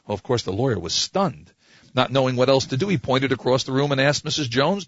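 A man's voice: medium pitch, sing-song, a little fast, a bit bright, no room sound. A man co-hosting a comedy radio show, joking, laughing often and telling stories. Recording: dull lo-fi radio recording with faint music.

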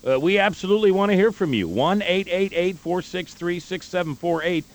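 A man hosting a political talk radio show, emphatic and climbing in pitch when heated. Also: a little fast.

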